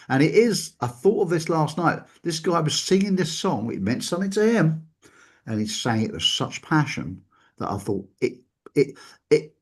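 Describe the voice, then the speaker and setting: A man's voice: medium pitch, slightly rough. A man hosting a casual talk show, telling stories and mimicking the people he quotes. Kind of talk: casual chat.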